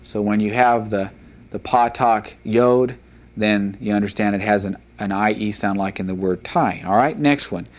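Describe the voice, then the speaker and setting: A man teaching a Hebrew language lesson, reading word lists aloud in a measured, deliberate way and explaining syllables. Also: fairly low pitch. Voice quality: measured, deliberate delivery with pauses between drilled words.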